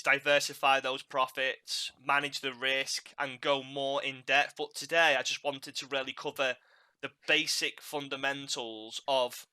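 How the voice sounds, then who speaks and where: A man's voice: medium pitch, bright, forceful tone, clean tone. A man hosting a podcast, chatting casually and animatedly, laughing at his own mishaps and repeating words as he goes. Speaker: podcast host.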